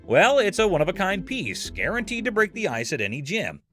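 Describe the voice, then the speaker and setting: A man's voice: sits high, big pitch swings, brisk, a bit bright, faint music behind. A man narrating a show recap in a scripted, playful, jokey storytelling manner.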